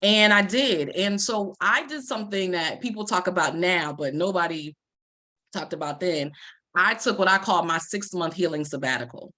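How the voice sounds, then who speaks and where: A woman in her forties shares a personal story with an audience, acting out the lines she quotes. Her voice sits fairly low for a woman. She speaks with lively, expressive storytelling. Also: normal speed. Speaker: life coach and Reiki practitioner.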